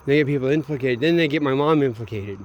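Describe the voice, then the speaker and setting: A man's voice: medium pitch, fast talker, dull audio. Rambling, profane man talking late at night. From Minneapolis, USA. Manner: meandering, profane, trailing off often. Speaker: vlogger.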